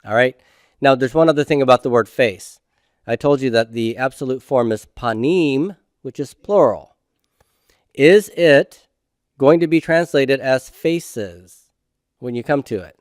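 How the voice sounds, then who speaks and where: A middle-aged man gives a recorded grammar lecture, steady and patient, often posing a question and answering it himself. His voice is smooth and resonant and sits in an ordinary middle pitch. The sound is dry and close, with no room echo. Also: measured pace. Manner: patient, asks students questions then answers them himself. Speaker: Hebrew grammar teacher.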